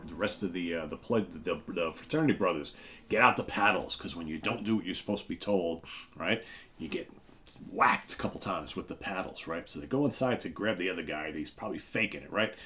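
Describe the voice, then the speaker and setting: A man's voice: low voice, a little fast, fairly bright tone, a little hiss or hum. A man hosting a casual comic book show, retelling the story in a chatty way and often asking "right?". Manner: chatty, keeps checking in with "right?"; retells the plot and reads captions aloud.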